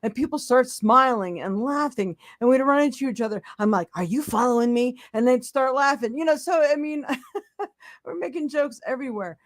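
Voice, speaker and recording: A woman's voice: high-pitched, moderate pace, no room sound. Woman, psychic host, casual live chat, laughs a lot, blunt, dry close mic. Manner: chatty, laughing, blunt encouragement. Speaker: psychic tarot reader, podcast host. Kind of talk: casual live stream talk.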